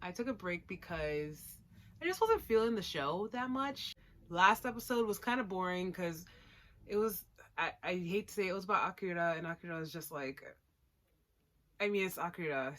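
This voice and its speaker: A woman's voice: fairly low pitch, a bit bright. Slangy sarcastic young woman reviewer. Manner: slangy, sarcastic, giggly asides. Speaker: anime reviewer. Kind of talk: casual video review. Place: home room with plushies.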